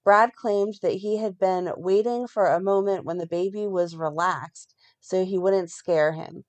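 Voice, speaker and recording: A woman co-hosting a fan podcast, reading a plot recap in a steady run and breaking off now and then to comment. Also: medium pitch, measured pace. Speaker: podcast co-host recapping a soap.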